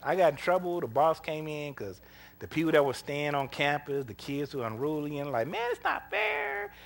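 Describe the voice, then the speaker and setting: A man's voice: on the high side, a little fast. A man preaching a sermon, telling personal stories in a folksy, conversational way, acting out the dialogue and laughing often. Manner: animated, acts out dialogue in his stories. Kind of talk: sermon with storytelling.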